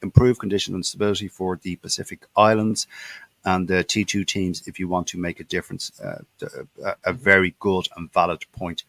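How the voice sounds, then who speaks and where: An Irish man hosts a casual rugby chat, reading viewers' comments out loud and pausing often over fillers. His voice sits slightly low, and the sound is dry and close with no room around it. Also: level tone, gravelly, no room sound. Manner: halting, many fillers and restarts. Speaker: podcast host.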